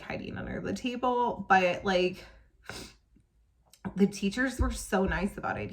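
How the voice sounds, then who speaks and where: A young woman telling a personal story as a parent vlogger, emotional and full of "um" and "like" fillers. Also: mid-range voice. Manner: emotional, tearful at times, many fillers like "um" and "like".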